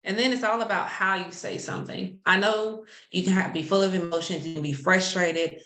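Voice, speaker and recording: A woman therapist walks viewers through relationship tools in a steady, practical way, with small restarts as she goes. Her voice is fairly low. The sound has a roomy echo. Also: fairly quick. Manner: steady explaining, sports metaphors, small restarts. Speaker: therapist co-host. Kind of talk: explaining counseling tips.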